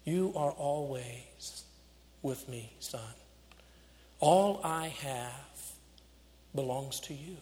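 A preacher voicing a gentle, generous father. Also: fairly high pitch, steady tone, slow. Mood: tender. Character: joyful, generous old father. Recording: echoey hall.

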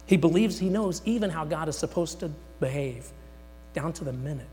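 A man's voice: a little high, expressive, moderate pace, soft background music. Dramatic preacher man in a reverberant hall. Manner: dramatic, voices the words of God and Moses; swings between loud emphasis and near-whispers. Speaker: pastor. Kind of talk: sermon. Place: church sanctuary. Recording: long hall reverb with mains hum.

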